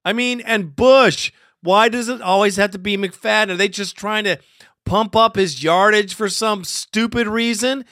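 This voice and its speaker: A man hosting a fan call-in show, animated and fired up, swearing freely. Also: high-pitched, a little slow, no room sound, studio quality. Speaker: host.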